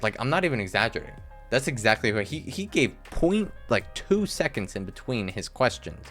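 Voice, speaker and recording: In casual solo commentary, a young man reviews a TV episode in a low-leaning, fairly bright, animated voice while soft music plays behind him. He rambles, leaning often on "like" and "I guess," and quickly jumps into exasperated outbursts.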